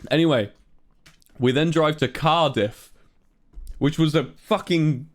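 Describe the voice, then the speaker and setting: A man's voice: a little high, takes it slowly. A young man, a streamer and musician, telling a long rambling story on a livestream and swearing often.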